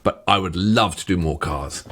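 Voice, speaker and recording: A man's voice: deep voice, moderate pace, fairly bright tone, breathy edge. A man co-hosting a music reaction chat, talking with enthusiasm and speaking straight to viewers. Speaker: co-host of a music reaction channel. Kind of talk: casual chat.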